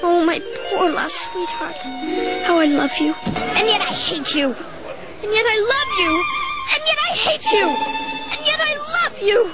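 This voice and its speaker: A woman voicing a tough, bossy schoolgirl in a cartoon, torn between love and hate, with a gravelly, intense delivery. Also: extremely high pitch, expressive, a little slow, poor audio. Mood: lovesick, swooning. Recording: cartoon clip under loud music.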